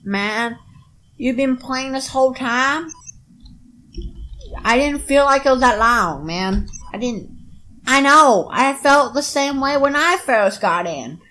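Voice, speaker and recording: Drawling friendly chat buddy, woman voicing, raised pitch, unhurried, gaming video. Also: animated, sharp tone, heavily acted, rough recording. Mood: chatty. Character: friendly chat partner in the game, put-on accent.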